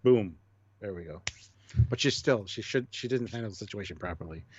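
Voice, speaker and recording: A man co-hosting a casual live-stream chat, blunt and quick to swear, reading viewer comments aloud. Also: on the low side, husky, dry recording, lo-fi sound. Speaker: co-host.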